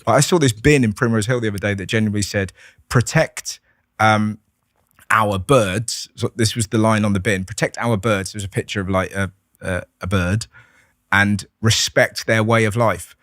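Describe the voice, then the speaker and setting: A lower-voiced comedian, chatting on a podcast. He tells lively stories, slips into voices and swears freely. The sound is dry and close. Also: moderate pace, no echo. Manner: animated storyteller, acts out voices, swears freely. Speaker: comedian guest. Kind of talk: casual podcast conversation.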